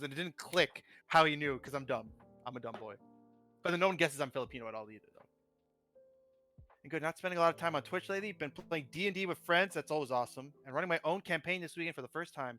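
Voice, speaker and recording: A man chats loosely on a livestream, rambling and making fun of himself. His voice sits a bit high and sounds bright. Faint music plays in the background. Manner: rambling, reads chat aloud, self-deprecating. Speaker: streamer and model kit builder, guest. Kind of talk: casual livestream chat.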